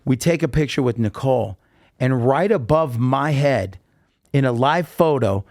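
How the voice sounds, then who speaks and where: A man, a podcast guest, telling a story in casual chat and acting out the quotes with lively voices. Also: mid-range voice, a little slow, no echo, studio quality.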